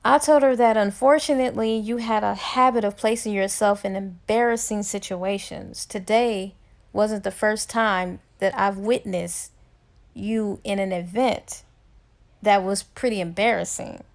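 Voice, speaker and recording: A woman's voice: mid-range voice, steady tone, measured pace, vocal fry. Woman doing a stern ex-Marine man, blunt, dry, matter-of-fact.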